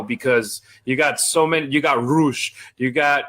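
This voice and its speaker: A man on a podcast recounts an event in a loose, chatty tone. His voice has a middling pitch for a man and an ordinary, unmarked timbre. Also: steady tone, measured pace, hardly any pauses, a bit bright. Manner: chatty storytelling. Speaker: podcast co-host. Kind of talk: podcast chat.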